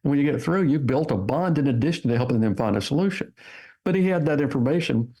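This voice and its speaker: An older man guests on a podcast and tells stories with lively energy. His voice sits in an average range, and he acts out the voices of the people in his stories. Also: medium pitch, fast talker. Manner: animated storyteller, acts out quotes. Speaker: guest author. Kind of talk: interview storytelling.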